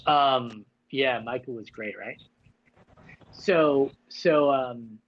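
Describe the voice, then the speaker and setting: A man's voice: a little high, lo-fi sound, a little hiss or hum. A man hosting a casual livestream chat, talking loosely with many fillers and restarts. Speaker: livestream host.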